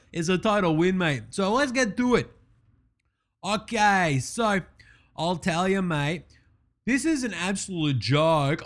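Man playing a brash, foul-mouthed Australian sports bloke, high-pitched and sarcastic, comedy parody rant. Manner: swears constantly, sarcastic, says mate a lot.

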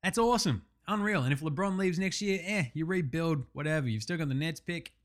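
A man with an Australian accent hosting a sports talk podcast, animated, slangy and sweary. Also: on the high side, brisk. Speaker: podcast host. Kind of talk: sports talk show monologue.

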